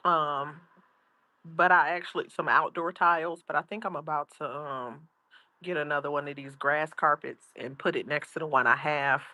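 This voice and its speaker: A woman's voice: deep voice, fairly even intonation, moderate pace, bright, forceful tone, dry recording. A grandmother streaming casually from home, chatting and reading her chat aloud. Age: older. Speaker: livestream host. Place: outdoors at home.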